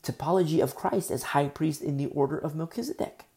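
A man's voice: a little high, fairly quick, dark tone. A man preaching a sermon, teaching through a Bible passage and repeating key phrases for emphasis. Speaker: pastor.

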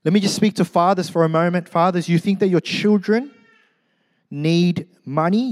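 A middle-aged man preaching a sermon in church, animated and joking, swinging from loud to hushed. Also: a little high, long reverb tail. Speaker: pastor.

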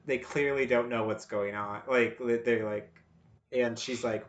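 Halting man brainstorming with faint background noise. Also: mid-range voice, flat delivery, a bit bright, highs cut off. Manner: halting, full of fillers, laughing. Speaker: podcast co-host. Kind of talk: casual comedic brainstorming chat.

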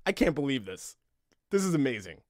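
A man co-hosting a casual podcast chat, excitable and exclaiming, stammering when he gets worked up. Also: medium pitch, fairly quick, dry recording, studio quality. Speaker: podcast co-host.

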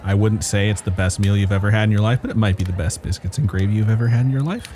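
A man's voice: lowish voice, rapid-fire, warm tone. A man narrating as game master in a casual, joking manner, swearing now and then.

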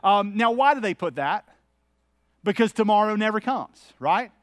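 Candid preacher, high-pitched man. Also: expressive, moderate pace, dry recording, clean studio sound. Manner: conversational, candid, anecdotal preaching. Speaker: pastor. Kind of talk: sermon.

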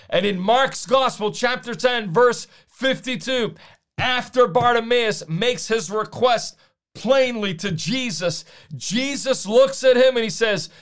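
A man preaching a sermon, emphatic, slowing down to repeat key lines. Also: very high voice, fairly bright tone.

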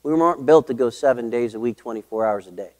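A middle-aged man delivers a sermon from the pulpit. He is emphatic, repeats key phrases and slows down on the words he wants to land. His pitch sits in an ordinary middle range for a man. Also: darkish tone. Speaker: pastor.

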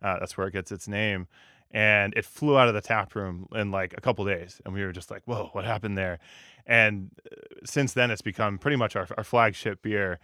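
A man talks casually about his work, relaxed and chatty, full of fillers. The sound is close and dry. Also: fairly low pitch, normal speed, no room sound. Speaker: brewery co-founder. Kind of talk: casual podcast conversation.

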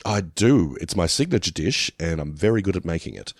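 Male co-host, very deep, laid-back and jokey, dry sound. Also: a little fast, no room sound. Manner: relaxed, rambling, jokey. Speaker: podcast co-host. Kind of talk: casual podcast chat.

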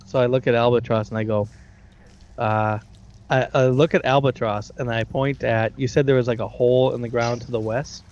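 A man's voice: mid-range voice, steady tone, moderate pace, darkish tone. A man playing a tabletop game, chatting eagerly and often restarting his sentences, on a dull recording with a faint hiss. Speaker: player. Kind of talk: casual tabletop game chat.

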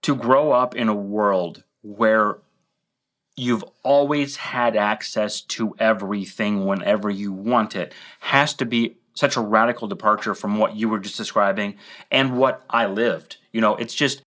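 A man's voice: lowish voice, unhurried, a bit bright. Middle-aged guy rambling through a story on a podcast, goes off on tangents, pokes fun at himself. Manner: rambling, self-deprecating, restarts and tangents. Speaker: podcast co-host.

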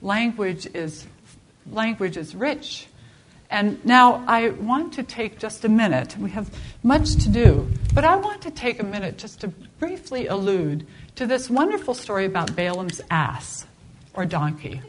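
A woman teaching a Bible class in a conversational, expressive way, often restarting her sentences. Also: medium pitch, moderate pace, background noise. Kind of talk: informal Bible class lecture.

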